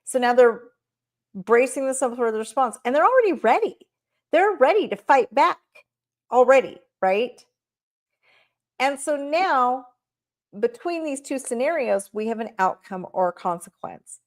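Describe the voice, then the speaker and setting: A woman gives a training talk for managers in a fairly high voice. She works through a list of questions step by step and keeps checking in with her listeners. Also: sing-song, measured pace. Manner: talks listeners through questions, often adding "right?". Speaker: workplace trainer. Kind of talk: presentation on managing staff. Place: recorded talk shared online.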